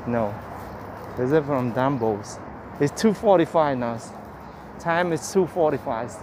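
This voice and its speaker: This walking-tour livestream host speaks from a city park, cheerfully chatting in simple broken English and naming viewers as he thanks them. His mid-range voice is expressive and unhurried against a noisy background.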